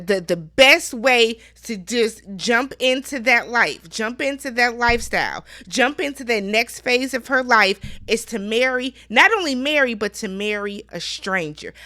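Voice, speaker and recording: A young adult woman hosting a casual TV recap, giving sassy, animated commentary full of exclamations. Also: fairly high pitch, measured pace. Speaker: recap show host. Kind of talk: casual chat recapping a TV show.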